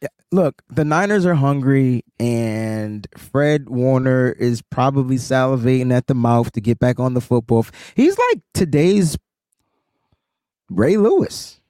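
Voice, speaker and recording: A man co-hosting a sports podcast, talking fast and excited, ranting and repeating himself as he gets worked up. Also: mid-range voice, clear, resonant tone, dry recording, studio quality. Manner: animated, ranting, repeats words. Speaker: podcast co-host.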